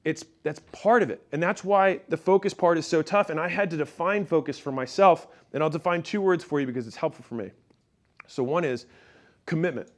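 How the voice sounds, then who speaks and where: A man's voice: on the high side, fairly quick. Punchy man giving a motivational business talk. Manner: storytelling, punchy, talks straight to the audience. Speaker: business speaker.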